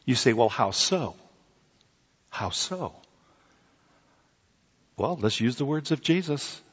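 A middle-aged man delivers a sermon with dramatic swings from loud cries to hushed near-whispers, sprinkling in joking asides. His voice sits at an ordinary pitch for a man. It rings through a big church hall with a long echo, and the sound is somewhat dull. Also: expressive, takes it slowly, husky. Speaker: preacher.

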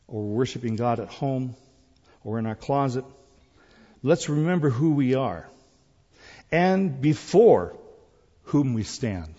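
A man preaching a sermon with a dark, husky voice, swinging from emphatic lines to soft asides. His voice rings with long reverb, as in a large hall. The sound is a little dull. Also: medium pitch. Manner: rising to emphatic, then dropping to quiet asides. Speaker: pastor.

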